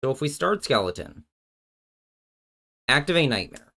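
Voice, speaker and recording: A male streamer chatting into a desk mic as he works through card game plays. He jokes back and forth with his chat and thinks out loud, often dropping sentences halfway. His pitch sits in the ordinary middle range for a man. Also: very animated, moderate pace, gravelly. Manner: joking with chat, thinking aloud, trailing off mid-sentence. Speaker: streamer and host.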